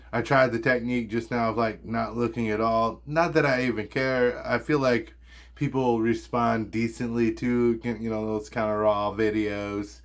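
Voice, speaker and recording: A man's voice: mid-range voice, a bit bright. A man from the United States in a casual vlog monologue, hesitant with a slightly slurred, lazy-lipped way of talking, in his home studio. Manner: hesitant, lots of ums and likes. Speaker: YouTuber.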